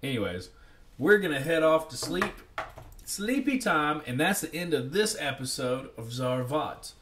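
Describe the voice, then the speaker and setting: A man's voice: medium pitch, animated, normal speed, noisy background. A man giving casual gameplay commentary, playful and jokey, often talking to himself. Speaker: let's play commentator.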